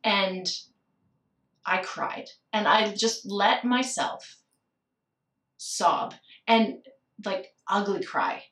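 A woman's voice: mid-range voice, very slow, long pauses, a bit bright, reverberant, far from the mic. A woman candidly telling a personal story of grief, reflective and at times tearful. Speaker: guest sharing a personal story.

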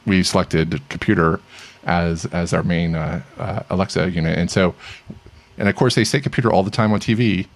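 A middle-aged man with a very low, gravelly voice talks through tech news in a loose, rambling way. He stumbles over restarts and fillers and laughs easily. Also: fairly even intonation, moderate pace. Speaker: podcast co-host. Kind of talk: casual tech news chat.

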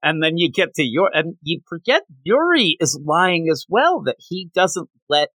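A man co-hosting a podcast, chatting casually and animatedly about a manga chapter, often slipping into quick voices for the characters. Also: on the high side, big pitch swings, a bit bright, no room sound. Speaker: podcast co-host.

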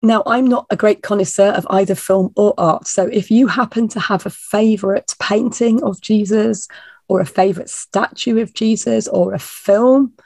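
Croaky woman with a cold. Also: medium pitch, steady tone, moderate pace, darkish tone, dry recording. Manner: chatty and reassuring, with ums. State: hoarse from a cold. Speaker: minister. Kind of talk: informal sermon introduction.

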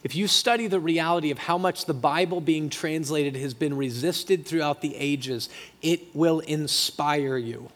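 A man's voice: on the high side, unhurried, fairly bright tone. A middle-aged male pastor preaching a passionate, emotional sermon with emphatic repetition in a church. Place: church sanctuary. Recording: long hall reverb.

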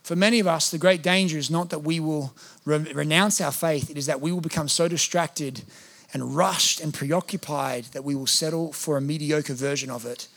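A man's voice: on the high side, fairly even intonation, normal speed, fairly bright tone. A man, preaching a sermon as a pastor, earnest, and at times acting out prayers in a pleading voice. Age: 30s.

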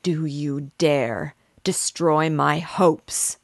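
A woman voicing a wretched, vengeful male creature, speaking slowly and with weighty menace. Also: low voice, steady tone, vocal fry, dry recording, studio quality, exaggerated voice. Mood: pleading, bitter.

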